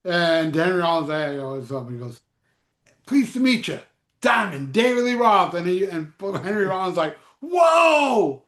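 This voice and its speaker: A man with a fairly high voice chats casually as a show host. He tells animated stories and swears freely. The sound is roomy and echoey. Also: normal speed. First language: Spanish. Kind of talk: casual chat.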